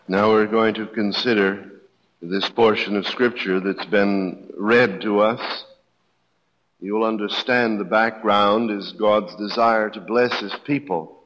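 A man's voice: lowish voice, fairly bright tone. A man preaching a sermon in a plain teaching tone. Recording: dull recording in a reverberant hall.

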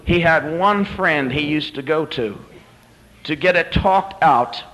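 Guy preaching a sermon, bit high voice, dramatic storyteller, goes quiet then builds way up. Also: slow, rough recording. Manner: dramatic storytelling, swings from hushed to climactic.

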